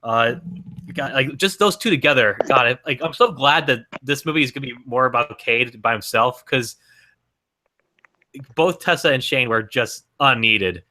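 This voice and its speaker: Dude rambling about a movie, bright sharp voice, keeps restarting his sentences. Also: medium pitch, moderate pace. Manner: rambling, lots of fillers and restarts. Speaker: podcast co-host. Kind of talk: casual movie review chat.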